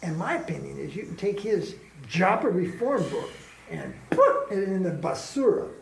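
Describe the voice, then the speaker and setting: A man's voice: high-pitched, sing-song, normal speed, gravelly. A man giving an informal spiritual class, joking, laughing often and imitating how people chant. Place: ashram class room. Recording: echoey room with faint background ambience.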